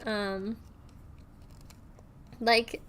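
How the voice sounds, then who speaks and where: A woman's voice: mid-range voice, little pitch movement, extremely slow, bright, forceful tone, smooth. A young woman streaming, chatting casually and rambling with lots of fillers and restarts.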